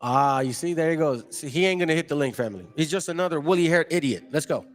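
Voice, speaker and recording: A man hosts a livestream, reading the chat and mocking and arguing with viewers in a confrontational, combative way. His pitch is fairly high, his intonation lively, and his pace quick.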